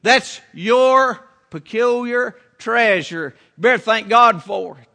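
A middle-aged pastor preaches in a folksy, homespun manner, circling back to his key phrases. His voice sits unusually high for a man, with a bright, forceful edge. The delivery is relaxed yet earnest, like a preacher talking straight to his own congregation. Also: slow, vocal fry. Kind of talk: sermon.

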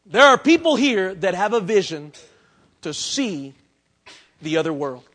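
A man preaches a sermon in a church. His voice sits very high and rings bright. He swings from dramatic near-shouts down to hushed, intimate asides. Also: sing-song, measured pace. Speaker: pastor.

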